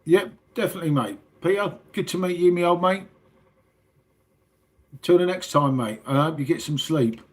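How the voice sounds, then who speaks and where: A man's voice: on the high side, normal speed, pauses often. A middle-aged English man hosting a casual late-night livestream, chatting with viewers in a matey, sweary way. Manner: matey and sweary, calls everyone mate. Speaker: livestream host.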